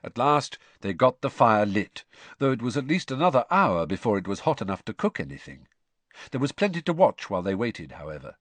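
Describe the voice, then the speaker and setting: Expressive male audiobook narrator, dry sound. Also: medium pitch, fairly quick, dry recording. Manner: expressive storytelling. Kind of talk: scripted narration.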